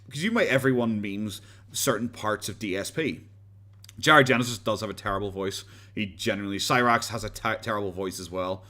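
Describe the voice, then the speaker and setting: A man's voice: on the low side, brisk, pushed and bright. A man with an Irish accent hosting a live stream and chatting casually with viewers. He talks in a rambling, blunt way, swears freely, restarts his sentences and laughs often. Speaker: livestream host.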